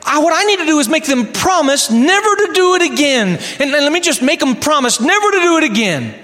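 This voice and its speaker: A man's voice: very high voice, very animated, fairly quick, sharp tone, pitched above the performer's own voice, full character voice. A preacher voicing a flustered young man who stammers as he pleads and protests with God, in a reverberant hall. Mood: pleading.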